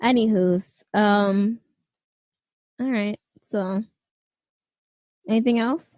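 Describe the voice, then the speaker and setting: A woman's voice: mid-range voice, drawn-out words, darkish tone, no room sound. A young adult woman co-hosting a podcast, chatting casually and filling her talk with "like" and "um". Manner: chatty, lots of fillers and 'like'. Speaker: podcast co-host. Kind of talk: casual chat.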